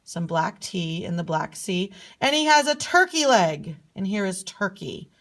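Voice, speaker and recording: A woman's voice: mid-range voice, measured pace. Playful woman telling a map story. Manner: playful, sing-song, lively storyteller. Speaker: teacher. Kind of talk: storytelling geography lesson.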